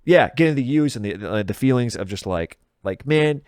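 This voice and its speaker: This video game content creator in his thirties has a medium-pitched, darkish voice that's clear and resonant, with lively intonation at a moderate pace. As a podcast guest in a casual interview chat, he's loose and candid, swears freely and laughs at himself. The sound is dry and clean, straight from a studio.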